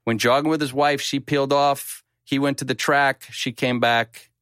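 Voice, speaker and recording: A middle-pitched man in his fifties chats his way through a long story, circling back on himself and mocking his own mistakes. The sound is dry and close, with no room around it. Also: little pitch movement, moderate pace, fairly bright tone, smooth, dry recording. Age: 50s. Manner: rambling, self-deprecating, with frequent restarts. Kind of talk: casual storytelling chat.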